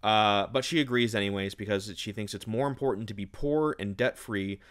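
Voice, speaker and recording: A man's voice: lowish voice, normal speed. A young man giving a casual, sarcastic, exasperated book review, ranting and mocking as he retells the plot.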